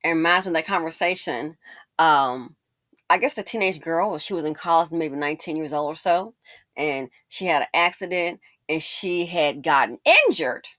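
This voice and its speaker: Woman host with a sassy, animated commentary delivery. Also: sits low, normal speed. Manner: animated, sassy, mimics people in quotes. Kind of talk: casual commentary.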